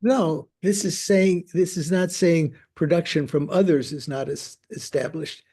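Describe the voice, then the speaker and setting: Older male teacher with a warm, slightly high voice, explaining slowly with repeated false starts. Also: steady tone, husky. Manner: halting, repeats words while thinking aloud. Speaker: Buddhist teacher. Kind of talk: discussing a text with a student.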